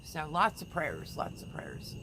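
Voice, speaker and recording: A woman's voice: deep voice, wildly swooping pitch, measured pace, noisy background. A woman hosting a casual livestream, chatting with viewers, reading their comments aloud and sending prayers. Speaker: livestream host.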